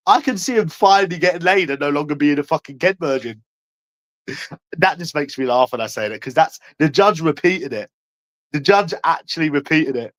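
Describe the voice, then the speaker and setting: A man ranting to camera in a taunting, profane way, tagging lines with "mate" and swinging between loud and hushed. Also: fairly high pitch, lively intonation, normal speed, no echo. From London. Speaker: vlogger.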